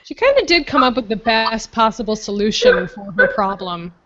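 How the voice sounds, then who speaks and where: Casting: lively book club panelist, high voice, lo-fi video call. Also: female voice, normal speed. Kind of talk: casual chat.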